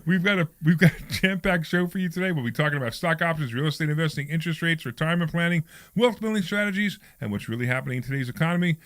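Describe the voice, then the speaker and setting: A man hosting a radio talk show, joking fast and animatedly with his co-host in the studio. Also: fairly high pitch, a bit bright, no echo. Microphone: studio microphone.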